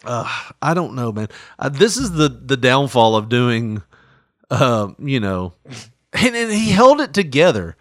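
A man's voice: mid-range voice, a little slow, dry recording, studio quality. A man hosting a casual comedic chat. He laughs often and slips into mocking impressions. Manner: laughs a lot, animated, does mocking impressions.

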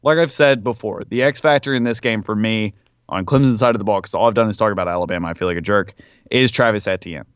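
A low-voiced man co-hosting a casual sports podcast, rambling with plenty of ums and pushing his opinions. The sound is dry and close, a little dull and lo-fi. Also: fast, clear, resonant tone, dry recording. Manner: rambling, filler-heavy, argumentative. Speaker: podcast co-host.

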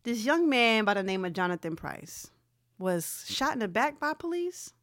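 A woman's voice: a little high, very animated, moderate pace, a bit bright, dry recording, studio quality. A woman co-hosting a casual chat, conversational and wry, at times reading a post aloud. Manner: conversational, frequent agreeing murmurs, wry.

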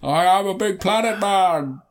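A man doing a mock-grandiose impression of a menacing giant male robot that eats planets, speaking slowly and drawn out. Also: sits high, voice pushed up.

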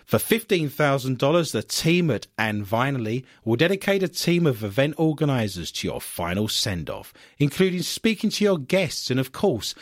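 A man's voice: mid-range voice, moderate pace, few pauses, no room sound, studio quality. A male radio host in playful, jokey banter with his co-hosts. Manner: jokey and animated, breaks into silly bits.

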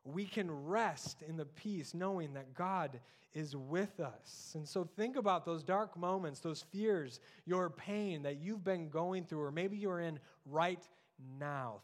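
A man in his thirties preaching a sermon as pastor, often dropping soft and low on key words. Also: a little slow, hardly any pauses.

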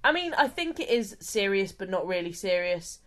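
A woman's voice: mid-range voice, big pitch swings, normal speed. A woman co-hosting a podcast, explaining things step by step in a chatty, joking way. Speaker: podcast co-host. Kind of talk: casual chat.

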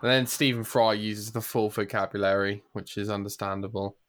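A man's voice: lowish voice, fairly even intonation, a little fast, fairly bright tone. A man co-hosting a podcast in upbeat, chatty conversation. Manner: upbeat, chatty, says "mate" often. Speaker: podcast co-host. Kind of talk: casual chat.

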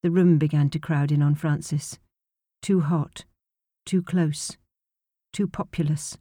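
A woman narrating an audiobook in a measured, even storytelling manner, close to a studio mic. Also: deep voice, no room sound. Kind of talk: scripted narration.

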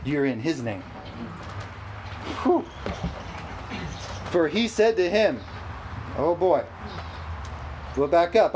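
Brief: a high-pitched male preacher, lively and laughing, at a church service. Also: slow, long pauses, slight background noise, poor audio. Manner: animated, exclamatory, laughs often. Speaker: pastor. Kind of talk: sermon.

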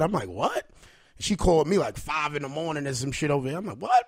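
A man's voice: a little high, expressive, quick pace, breathy edge, dry recording, clean studio sound. A man hosting a podcast, chatting casually in a loose, profane way. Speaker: podcast host. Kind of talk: casual chat.

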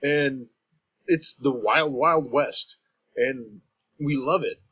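A man's voice: mid-range voice, slow pace, pushed and bright, slightly rough, muffled recording. A Canadian man with a Canadian accent, chatting on a podcast in a rambling, self-interrupting way and laughing often. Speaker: podcast host and guest. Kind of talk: casual podcast chat.

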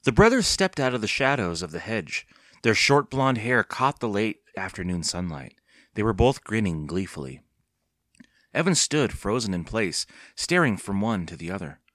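A man narrating a children's horror book as an audiobook reader, steady and expressive. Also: fairly low pitch, moderate pace, dry recording, clean studio sound. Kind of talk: scripted storybook narration.

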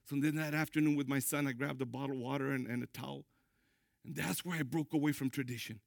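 A middle-aged man, a pastor preaching a sermon, emphatic, with sudden loud high bursts. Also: steady tone, fast talker, vocal fry, dry recording, clean studio sound.

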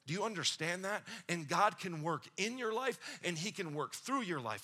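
Man, pastor, sermon, bright tone, fairly high voice, rousing calls to the congregation. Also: expressive, moderate pace, few pauses. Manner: preaching with rising intensity, calling out to the congregation; joking, conversational asides.

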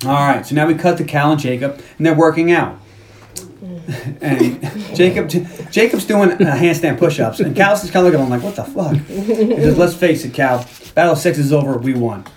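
A man's voice: a little high, expressive, moderate pace. A man hosting a podcast, casually retelling a film's plot and acting out the characters' lines, with some swearing. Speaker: podcast host. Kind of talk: casual movie recap chat.

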